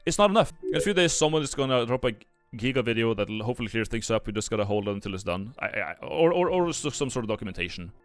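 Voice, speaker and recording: A man's voice: medium pitch, big pitch swings, fast talker, few pauses, no echo, soft background music. A young Norwegian man giving casual stream commentary, rambling with many fillers and restarts. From Norway.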